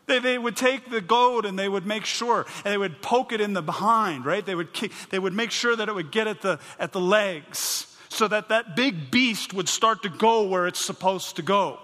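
A man preaching a sermon, swinging dramatically between booming emphasis and hushed, low passages. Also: animated, normal speed. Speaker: pastor. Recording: long hall reverb.

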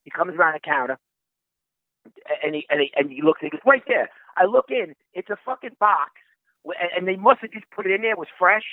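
Heard by phone with no echo, a high-voiced man talks fairly quickly, swearing and impersonating people's lines as he recounts an exasperating story in animated, casual conversation.

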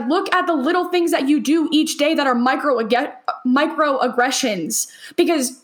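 A young woman co-hosting a podcast, talking earnestly and emotionally, with "like" threaded through nearly every sentence. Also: high voice. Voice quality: earnest, heavy use of "like" as filler. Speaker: podcast co-host. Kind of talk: emotional personal podcast talk.

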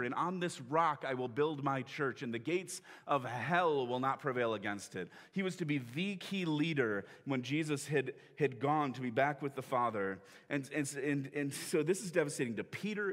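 A pastor preaches a sermon in a church sanctuary, telling the story conversationally and acting out the quoted lines. His voice is on the high side and a bit bright, echoing in a large hall.

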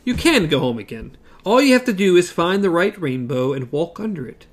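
A reader doing a fearless young woman who talks plainly and firmly. Her pitch rises and falls with spirit. She is polite but will take no nonsense. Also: sing-song, fairly quick. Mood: defiant. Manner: firm, plain-spoken.

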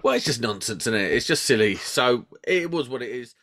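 A man chats casually in an expressive, exclamatory way and laughs often. His voice swings widely in pitch and has a bright, sharp edge. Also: fairly quick. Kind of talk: casual chat.

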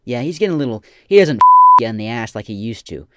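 A man putting on a loud, crude, mocking impression of a male motivational speaker. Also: mid-range voice, huge pitch swings, quick pace, noisy background.

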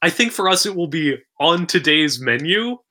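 Lively bright-voiced woman podcaster. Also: low-pitched. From Philippines. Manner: animated, sarcastic, quick asides. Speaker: podcast co-host. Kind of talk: casual chat.

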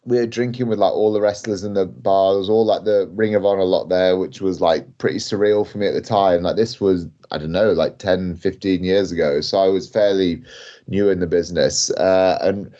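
Low-voiced rambling man, lo-fi sound. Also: steady tone, normal speed, dark tone. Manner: rambling, lots of fillers, laughs while telling. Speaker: guest wrestler. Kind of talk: casual podcast storytelling. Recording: dull lo-fi audio.

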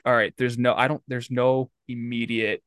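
A man's voice: mid-range voice, moderate pace, dry recording. Man telling a story in a dry booth. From Michigan, US. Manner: animated storytelling with swearing and acted quotes. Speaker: podcast co-host. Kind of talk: casual chat.

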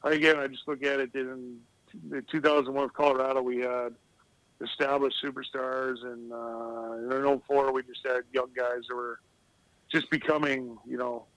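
A man's voice: mid-range voice, little pitch movement, normal speed, a bit bright, dry recording, rough recording. A middle-aged man who used to play pro hockey, telling loose, rambling stories as a guest on a casual podcast and laughing at his own anecdotes. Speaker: guest, retired hockey player.

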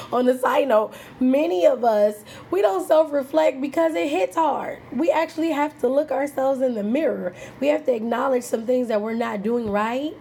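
A woman's voice: sits high, measured pace, gravelly, a little mellow, husky. A woman in her thirties giving a casual motivational talk on self-reflection, candid and playful, laughing often and acting out what people say. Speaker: self-help speaker.

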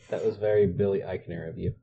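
Low-voiced man in casual movie banter. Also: vocal fry, breathy edge, dull audio. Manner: relaxed, joking, chimes in with agreement. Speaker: podcast co-host. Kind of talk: casual movie recap chat.

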